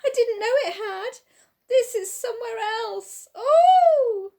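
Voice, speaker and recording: A woman voicing a loud, muddled old man pedlar who yells in a shrill voice and mishears everything. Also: sing-song, normal speed. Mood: shrieking.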